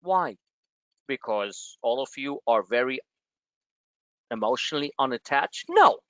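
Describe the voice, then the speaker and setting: A man's voice: mid-range voice, a little slow, no echo, lo-fi sound. A man coaching traders over a group video call, brash and blunt, his voice jumping up on emphatic points. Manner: brash, animated and blunt, with rising emphatic peaks. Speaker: trading coach. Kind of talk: live market commentary to a group call.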